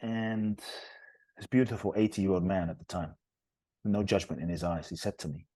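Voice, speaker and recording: A man's voice: sits low, moderate pace, dark tone, breathy edge, no echo. A man, a podcast guest and retreat leader, telling stories in an earnest, emphatic and heartfelt way. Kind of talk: conversational storytelling interview.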